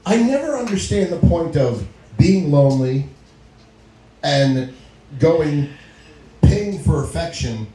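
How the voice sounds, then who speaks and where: In a small comedy club, a middle-aged stand-up comedian tells stories slowly, leaving long pauses, his mellow voice swinging widely and lively in pitch as he laughs often and acts out quotes. A noticeable echo fills the room recording.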